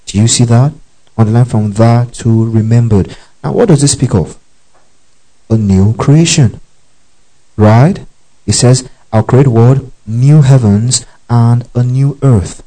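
A man's voice: medium pitch, mellow, rough recording. A man preaching a Bible teaching sermon, repeating key phrases and often checking that listeners follow him. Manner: tells listeners to underline verses.

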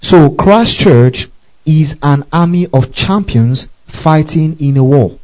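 A man's voice: on the high side, takes it slowly, darkish tone, lo-fi sound. A man preaching a sermon, spelling out words letter by letter and calling on his listeners to repeat after him. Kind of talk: sermon teaching.

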